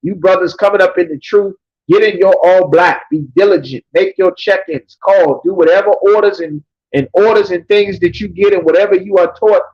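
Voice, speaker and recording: A man teaching a scripture class, reading verses slowly and then explaining them emphatically, often checking with "you understand?". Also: high voice, fairly even intonation, husky. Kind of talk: preaching scripture breakdown. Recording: dull lo-fi recording.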